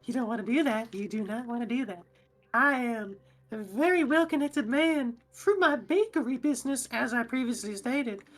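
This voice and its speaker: A woman's voice: fairly high pitch, lively intonation, normal speed, voice pushed up. A woman voicing a nervous male goblin who pleads and wheedles in a salesman's patter. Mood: wheedling.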